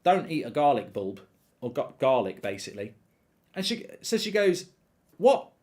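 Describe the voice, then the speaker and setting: A man's voice: mid-range voice, sing-song, normal speed, a little mellow. A man hosting a live football watchalong, ranting animatedly and swearing freely while telling an anecdote. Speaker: host.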